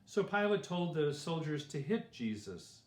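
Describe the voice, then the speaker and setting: A man slowly and gently reading a Bible story for children. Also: on the high side, big pitch swings. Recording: roomy echo.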